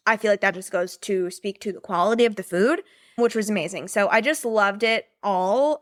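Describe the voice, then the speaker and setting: A young American woman, a podcast host and business mentor, chats casually and rambles about a trip with plenty of fillers and laughter. Her voice is medium-pitched and fairly bright, with studio-quality sound and no room echo.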